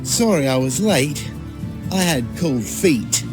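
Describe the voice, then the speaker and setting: A man's voice: a little high, lively intonation, slow pace. A man voicing a playful, sneezy young creature who tells corny jokes, in a children's church show. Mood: jokey. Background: music.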